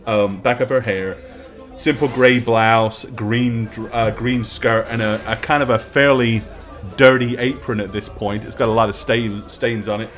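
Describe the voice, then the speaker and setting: A man narrating as dungeon master in a tabletop game, describing scenes in detail with many pauses and ums. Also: medium pitch.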